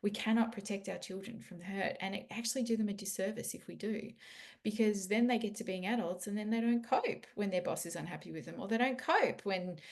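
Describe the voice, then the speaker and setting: A woman's voice: mid-range voice, fairly quick. A middle-aged woman, a parenting educator answering podcast questions in an earnest, explaining way.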